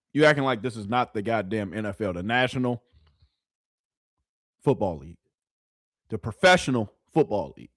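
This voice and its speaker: A man's voice: medium pitch, no room sound. Heated man reacting, dry close mic. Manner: incredulous, heated, swears freely. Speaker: sports reaction host. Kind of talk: casual reaction commentary.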